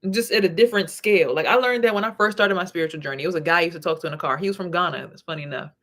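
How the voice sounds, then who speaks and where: A woman's voice: lowish voice, racing, a bit bright. A woman vlogger talking bluntly to camera, telling stories with plenty of profanity. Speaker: vlogger and spiritual reader. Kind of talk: casual talking-to-camera monologue.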